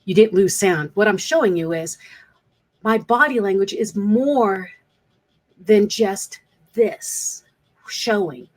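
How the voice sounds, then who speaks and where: A woman's voice: medium pitch, animated, slow, long pauses. A woman speaker coach talking straight to camera in an earnest, coaching manner, repeating points for emphasis. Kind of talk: direct-to-camera advice vlog.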